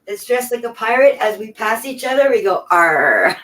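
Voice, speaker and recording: A woman's voice: a little high, a little fast. Flustered joking woman in her fifties. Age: 50s. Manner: joking, easily flustered, stumbling restarts. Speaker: friend in a group chat. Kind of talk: casual chat.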